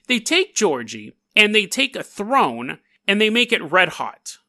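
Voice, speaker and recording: A man's voice: high-pitched, sing-song, a little slow, bright, forceful tone, no echo, studio quality. A man hosting a podcast, telling a story casually and sarcastically, with joking asides. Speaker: podcast host.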